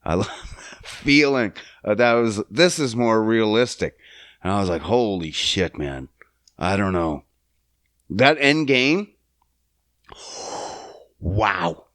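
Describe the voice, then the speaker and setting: A young man hosting a podcast, talking casually and profanely, getting loud and worked up as he rants. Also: fairly low pitch, slow, pauses often, no echo, clean studio sound. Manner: profane, animated, swings loud when worked up. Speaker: podcast host. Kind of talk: casual solo podcast rant.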